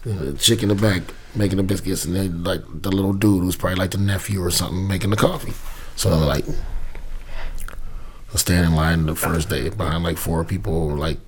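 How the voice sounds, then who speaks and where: A man in casual chat telling an animated, profane story. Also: deep voice, fairly quick, slight background noise. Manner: mimics people in voices while telling stories.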